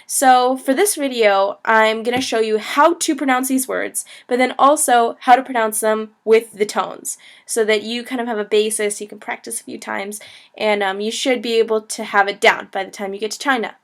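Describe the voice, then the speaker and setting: Young woman, fairly high voice, casual video lesson, chatty, laughs a lot, filler words. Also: steady tone, normal speed. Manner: chatty, lots of "like" and "you know", laughs easily. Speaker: language teacher, travel vlogger.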